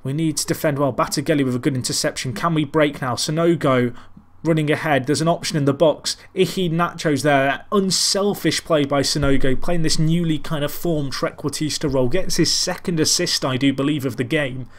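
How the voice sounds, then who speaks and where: A man's voice: on the high side, fairly quick, few pauses. A man casually commentating on his football management game, rambling and self-deprecating while calling the match like a commentator. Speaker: gaming commentator. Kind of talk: casual Let's Play commentary.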